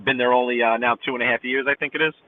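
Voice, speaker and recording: A man's voice: medium pitch, fairly even intonation, rapid-fire. Chatty New York man in a car. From Brooklyn, New York. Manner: rambling, talkative, chatty with viewers. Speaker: live-stream driving host. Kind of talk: casual live-stream chat while driving. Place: inside a car. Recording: tinny phone-like audio.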